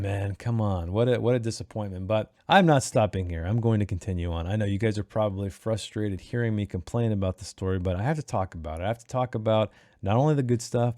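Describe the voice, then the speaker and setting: A man hosting a casual online book club. He talks about the chapters in an animated, opinionated way and often restarts his sentences. His voice is low and mellow, and the sound is close and dry. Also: dry recording. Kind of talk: casual book review and read-aloud.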